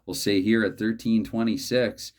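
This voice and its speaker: A man hosting a solo tabletop hockey card game, calling the plays in a halting, dry play-by-play way. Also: on the low side, fairly even intonation, darkish tone.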